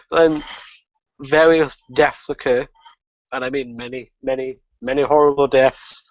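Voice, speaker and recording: A man swears his way through a gaming war story. He laughs at his own misfortune, his pitch sits in the middle, and the dry, dull audio has a lo-fi podcast quality. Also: takes it slowly, dry recording. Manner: profane, excitable storytelling with lots of laughter. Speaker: guest gamer. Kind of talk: casual podcast chat.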